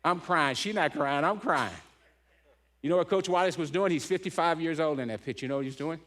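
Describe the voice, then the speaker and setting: A man's voice: on the high side, a little fast, a bit bright. A middle-aged man giving a heartfelt storytelling talk as a keynote speaker, punctuating points with "right?". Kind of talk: emotional storytelling talk to a men's gathering.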